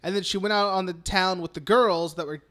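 A man's voice: high voice, steady tone, a little fast, fairly bright tone. A young man hosting a podcast, recapping a film in rambling, profane casual chat full of "like". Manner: rambling, profane, heavy use of "like". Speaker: podcast host.

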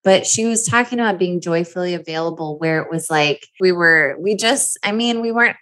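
A woman's voice: on the low side, a little fast, a bit bright, low-quality recording. A woman guest on a podcast, speaking in candid casual conversation, earnest and heartfelt.

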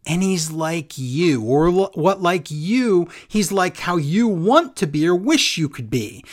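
A podcast co-host recapping a wrestling show in casual chat, sarcastic and animated as they tell the story. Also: mid-range voice.

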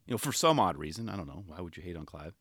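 A man in casual commentary, talking in relaxed skater slang with constant "right?" tags. His voice is bright and forceful and jumps all over in pitch. The recording is close and dry. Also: racing, slightly rough, no room sound. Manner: laid-back skater slang, animated; keeps asking "right?" and "you know". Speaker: skate video reviewer.

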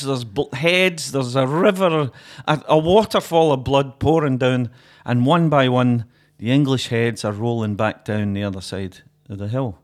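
A man, a podcast co-host, telling a joke and chatting casually, animated and laughing often. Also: mid-range voice, measured pace.

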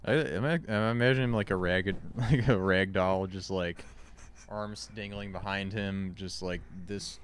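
A man's voice: low-pitched, fairly even intonation, unhurried, a little hiss or hum. A man co-hosting a podcast, easygoing and giggly in casual chat. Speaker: podcast co-host.

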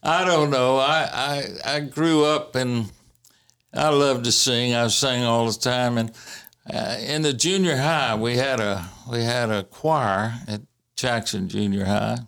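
Halting storytelling man. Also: medium pitch, creaky, fairly bright tone. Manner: halting, with many fillers and restarts; chuckles while recalling. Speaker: interviewee recalling family history. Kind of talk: casual storytelling.

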